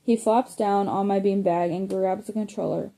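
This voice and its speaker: A woman reads a first-person chapter book aloud, her voice flat and even. The tone is soft and mellow, and she now and then stumbles and corrects a word. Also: mid-range voice, moderate pace, gravelly. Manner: plain, even reading with small slips and self-corrections. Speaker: audiobook reader. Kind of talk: first-person audiobook narration.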